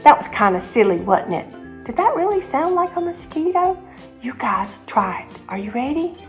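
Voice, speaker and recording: A woman teaching children a memory verse, slowly and clearly, with lots of praise. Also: high-pitched, sing-song, soft background music. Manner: warm encouraging praise, slow and clear. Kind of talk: memory verse drill for kids.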